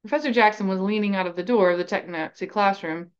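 A woman podcast host narrates a story in a measured, expressive reading voice. Her pitch sits in the middle of the range. The recording is slightly dull and lo-fi. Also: clear, resonant tone.

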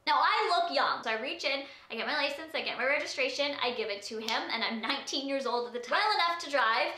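Bright chatty young woman vlogging. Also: sits high, animated, quick pace. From Saskatchewan, Canada. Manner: chatty, says "like" constantly. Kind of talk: casual storytime vlog. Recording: roomy echo.

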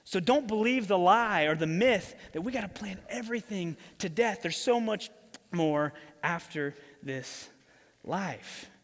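A male pastor giving an animated, casual sermon in a church. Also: high voice, a little slow. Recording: reverberant church hall.

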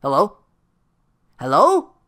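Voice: medium pitch, sing-song, measured pace, fairly bright tone. A reader doing an exasperated weatherman. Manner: exasperated, pleading. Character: weary, frustrated TV weatherman.

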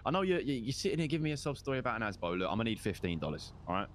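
A man's voice: medium pitch, sing-song, very fast, a little hiss or hum. A man doing in-character game roleplay, cheeky and bantering. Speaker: roleplay gamer playing a driver.

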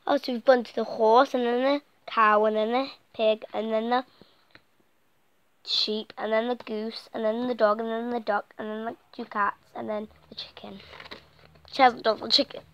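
A woman reading a children's picture book aloud in an animated way, often dropping into soft whispers and stumbling over words. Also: a little high, normal speed, smooth, dull audio. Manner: animated, slips into soft whispers and tripping restarts.

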